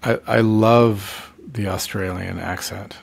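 A middle-aged man, a touring musician who co-hosts a podcast, sounds sleepy and fading late at night. He rambles and trails off in casual chat, his low voice steady, creaky, and husky at a slow pace.

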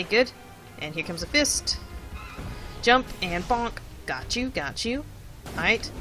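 A casual gameplay commentator with a bright, crisp tone talks to themselves while playing, chatty and thinking aloud. They keep repeating short words in rhythm as they time each move. Faint game music plays underneath. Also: mid-range voice. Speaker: let's play commentator.

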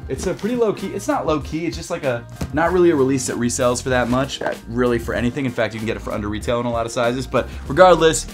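Young guy vlogging fast, out of breath, excited and rambly, bit of music behind. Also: mid-range voice. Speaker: sneaker vlogger. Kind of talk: casual vlog chat.

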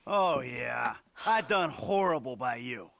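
An actor playing a gruff, sardonic middle-aged male ex-criminal in a video game cutscene, answering with dry cursing sarcasm. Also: mid-range voice, expressive, slow pace, noisy background. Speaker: retired criminal and husband.

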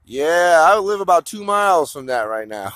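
Halting man talking outdoors, dry sound. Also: a little high, sing-song, fairly bright tone, no echo. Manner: halting, with many fillers and restarts; talks directly to an absent listener. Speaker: vlogger. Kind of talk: rambling personal walk-and-talk vlog. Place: outdoors in open desert country. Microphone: phone or camera held while walking.

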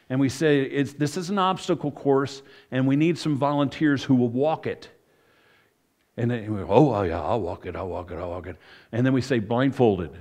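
A middle-aged man, a pastor, giving a conversational sermon full of asides and self-corrections. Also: medium pitch.

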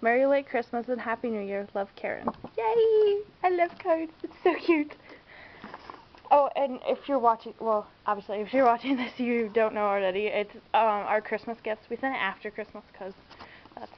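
In a home room, a young woman unboxes something while chatting casually, her voice a little high at a moderate pace. The vlogger gushes, giggles, and squeals often in a bubbly way. Audio is dull, lo-fi home camera sound with faint hiss.

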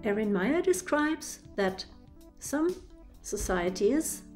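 A woman's voice: on the high side, very animated, slow pace, darkish tone, faint music behind. A woman from Germany with a German accent, explaining ideas carefully and step by step as a trainer. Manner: clear, methodical, explains with examples. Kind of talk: explanatory lecture.

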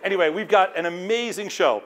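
A man host telling a lively anecdote on stage, acting out the quoted lines of the people in it. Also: sits high, brisk. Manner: animated storyteller acting out quotes.

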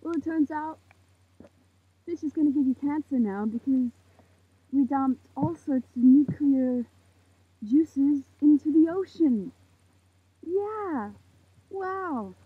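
An eighteen-year-old woman ranting to camera outdoors at night, heated and swearing, with a very husky voice. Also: high-pitched, a little slow, pauses often. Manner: heated, swearing, preachy outbursts. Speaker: vlogger. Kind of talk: impassioned rant to camera. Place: outdoors in a parking lot at night under a makeshift roof. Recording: tinny phone-like lo-fi sound.

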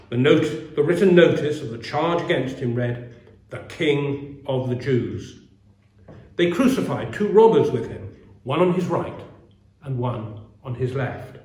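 A man preaching a sermon and reading scripture aloud in a measured, earnest way, with pauses. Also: mid-range voice, darkish tone. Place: church. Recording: roomy echo.

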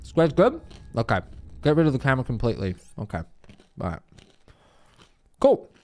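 Man, streamer, casual profane banter, middle pitch, bouncy up-and-down delivery. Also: normal speed. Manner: animated and profane, chatting to viewers. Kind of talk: live gameplay stream chat.

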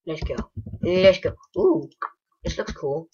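Woman gaming host, casual play-by-play commentary, low-ish bright voice, excitable and gushing, dull lo-fi home mic. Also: slow, very noisy. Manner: excitable, gushing and rambling, bursts into loud exclamations.

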